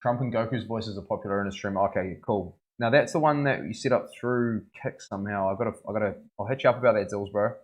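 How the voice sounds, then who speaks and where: A man's voice: on the low side, fast, hardly any pauses. A young man, a tattoo artist, chatting casually on a live stream while he works, laughing often and thanking viewers. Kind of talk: casual livestream chat while working.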